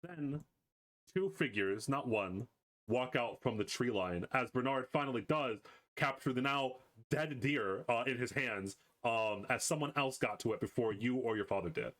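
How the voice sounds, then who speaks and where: A man's voice: medium pitch, normal speed, fairly bright tone. Man casually narrating as game master. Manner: casual, rambling, with many fillers.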